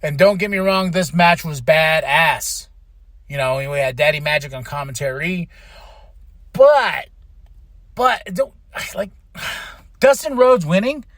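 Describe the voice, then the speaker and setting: A young man from Texas hosting a podcast, excitedly recapping wrestling matches in a loose, swearing, animated way. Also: a little high, slow, pauses often, no echo, studio quality. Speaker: podcast host.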